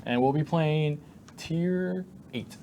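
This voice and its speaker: A man co-hosting a game stream, relaxed and a little hesitant, reading out winners. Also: fairly high pitch, slow pace, a little hiss or hum. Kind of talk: casual stream chat.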